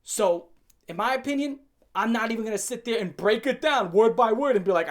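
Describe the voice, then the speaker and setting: A woman hosting an opinion rant to camera, blunt and profane with a sarcastic edge, pushing her points with sharp jumps in pitch and loudness. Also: animated, fairly quick. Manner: emphatic, swings up and down in pitch and loudness. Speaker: commentary channel host.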